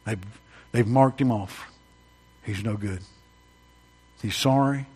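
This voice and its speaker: A man, preaching a sermon to a congregation as pastor, swinging between loud emphatic peaks and hushed quiet drops. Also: on the low side, slow pace, husky, big-room sound. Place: church during an evening service.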